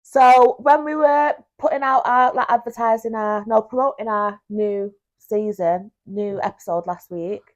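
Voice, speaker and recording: A woman's voice: a little high, fairly even intonation, a little slow, hardly any pauses. A woman with a Manchester accent, co-hosting a podcast in a giggly, playful way as she tells stories. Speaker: podcast co-host. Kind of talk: casual chat.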